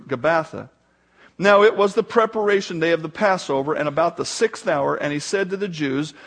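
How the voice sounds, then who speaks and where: A man's voice: high voice, husky. A man preaching a sermon, reading scripture aloud with dramatic force before explaining it. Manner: reads scripture dramatically, rising for quoted shouts. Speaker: pastor.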